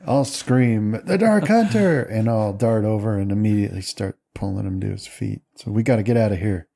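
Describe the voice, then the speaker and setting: A man's voice: on the low side, flat delivery, brisk, vocal fry, dark tone. A man playing a tabletop horror game, playful and joking in character, over an online call. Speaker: player.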